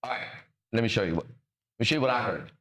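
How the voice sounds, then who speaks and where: A male podcast host who speaks in an emphatic, preachy way in a mid-pitched voice. He swears freely and trips over words as the ideas come to him. His delivery stays casual. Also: animated, quick pace, fairly bright tone. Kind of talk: motivational conversation.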